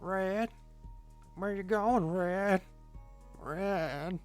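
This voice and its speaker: A man voicing a pleading old grandmother in a high, wavering falsetto. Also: fairly even intonation, slow pace, darkish tone, faint music behind. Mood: calling.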